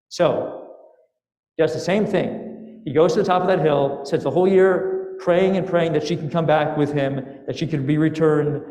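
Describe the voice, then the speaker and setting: A man with a somewhat high voice delivers a sermon as a fairy tale, full of playful asides and questions to his listeners. He speaks in a synagogue sanctuary, and his voice rings out with a long, roomy reverb. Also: normal speed. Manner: lively, playful storyteller with asides to the congregation. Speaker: rabbi. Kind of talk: sermon storytelling.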